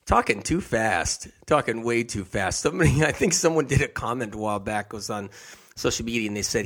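A man talking at a middle pitch through a loose, unscripted health monologue. He rambles, circles back to the same phrases and chuckles at his own tangents. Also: expressive, brisk. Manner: rambling, repeats phrases, laughs at himself. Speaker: health talk host.

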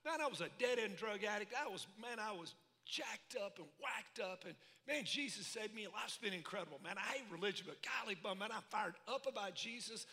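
A pastor preaches in a big hall, his voice high and bright as it rings back off the walls. He talks in a folksy, animated way, with call-and-response asides to the crowd. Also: a little fast, hardly any pauses. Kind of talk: sermon. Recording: echoey hall reverb.

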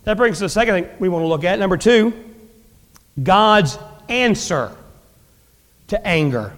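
High-voiced pastor preaching in a reverberant hall. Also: male voice, lively intonation, moderate pace, a bit bright. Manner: conversational preaching with dramatic pitch swings and asides. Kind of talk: sermon.

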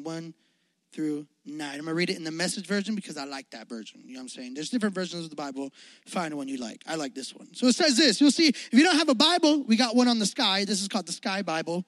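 A man's voice: high voice, fairly bright tone, dry recording. A young man giving a youth sermon in a playful, slangy, joking way, acting out the Bible story. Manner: playful, jokey, slangy, acts out quotes. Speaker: youth pastor.

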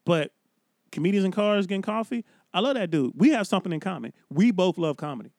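A man's voice: sits high, animated, fast, darkish tone, no echo, studio quality. A man telling stories about his start in stand-up comedy, casual and profane in podcast chat. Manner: profane, loose storytelling. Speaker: comedian guest.

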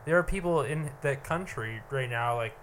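A man's voice: mid-range voice, moderate pace, a bit bright, slight background noise. A man co-hosting a podcast, earnest and opinionated, steering the casual chat. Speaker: podcast co-host.

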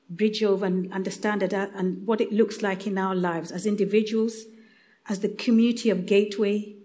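A woman with an East African accent reads scripture and prays in a church. Her delivery is gentle and unhurried, with the occasional small restart. Her pitch sits in the middle of the range. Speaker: church reader leading prayer. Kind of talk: prayer and Bible reading.

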